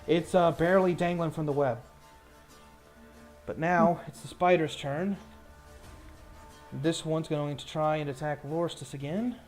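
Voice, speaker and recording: A man's voice: a little high, unhurried, pauses often, faint music behind. A man narrating a tabletop game as game master, mixing rules talk with casual descriptions of a fight.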